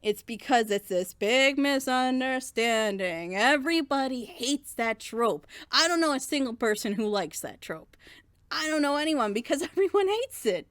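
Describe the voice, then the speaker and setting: Animated ranting woman, dry close mic. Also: high voice, normal speed, no echo. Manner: animated, ranting, acts out quoted lines. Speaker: reaction video co-host. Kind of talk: casual group chat reacting to a show.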